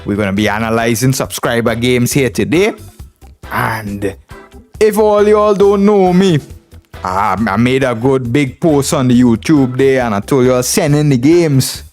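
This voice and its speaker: A man's voice: mid-range voice, moderate pace, soft background music. Boisterous Trinidadian man streaming chess. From Trinidad and Tobago. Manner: boisterous, drawling, keeps tagging "man". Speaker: chess streamer, international master. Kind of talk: casual live stream chat.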